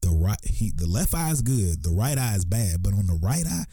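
A man's voice: fairly low pitch, moderate pace, husky, no echo, clean studio sound, soft background music. A man, co-hosting a podcast, telling stories in a casual, profane way and acting out the people in them. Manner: animated, profane storytelling with voiced impressions. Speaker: podcast co-host. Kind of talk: casual storytelling chat.

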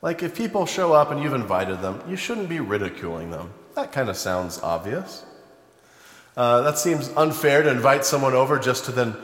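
A man preaching a sermon, retelling a Bible story in a conversational storytelling way and turning animated when he acts out the people in it. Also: medium pitch, moderate pace. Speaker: pastor. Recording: echoey hall, long reverb.

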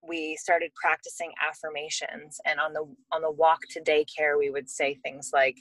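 A woman's voice: low-pitched, level tone, normal speed, hardly any pauses, fairly bright tone, no echo, poor audio. A woman in her thirties, a mother and podcast guest, talking in a reflective, storytelling way. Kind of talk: casual podcast conversation.

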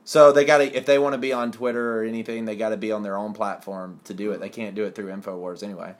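A man's voice: on the low side, steady tone, fast talker. A young man co-hosting a casual podcast chat, plain-spoken and opinionated. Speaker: podcast co-host.

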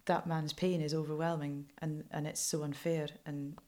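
Low-voiced Scottish woman journalist. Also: moderate pace. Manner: animated and frank, laughs often. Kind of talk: candid interview storytelling.

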